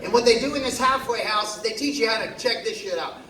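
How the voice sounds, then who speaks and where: A man's voice: extremely high pitch, quick pace, noisy background. A man on a concert stage telling a personal story in a loose, profane, self-mocking way. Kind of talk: live storytelling monologue. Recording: echoey live hall, distant mic, crowd.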